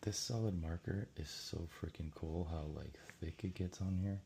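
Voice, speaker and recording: A man with a very low, gravelly voice and a mellow, warm tone. He rambles casually, thinking aloud as he works on a painting. There is a faint hum of room ambience behind him. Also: steady tone, normal speed. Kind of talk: casual commentary while painting.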